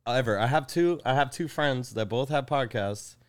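A man's voice: mid-range voice, moderate pace. Male podcast guest, easygoing and chatty, ordinary mid voice. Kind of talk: casual chat.

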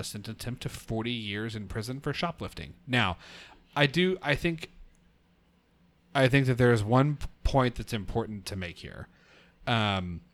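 A man hosting a casual political podcast, talking earnestly with frequent restarts. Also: on the low side. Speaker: podcast host.

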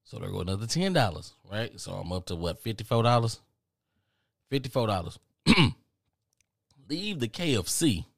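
A man hosting a podcast, telling a rambling, profane story in a casual, animated way. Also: fairly low pitch, normal speed, gravelly, long pauses, no echo, studio quality. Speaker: podcast host.

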